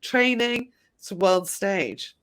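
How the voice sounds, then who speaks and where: A woman's voice: medium pitch, animated, drawn-out words, a bit bright. A woman, from the UK, hosting an interview and responding with motivational, encouraging remarks. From United Kingdom. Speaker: interview host. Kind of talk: upbeat conversational interviewing.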